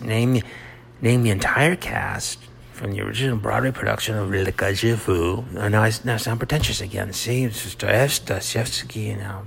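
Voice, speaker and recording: A middle-aged man talks in a rambling personal monologue, his low voice rough with a gravelly edge. He stops and restarts, mocks himself, and keeps slipping into quiet whispered asides. A faint hum of ambient noise sits behind him. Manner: halting, self-mocking, drops into soft whispered asides. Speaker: monologue host.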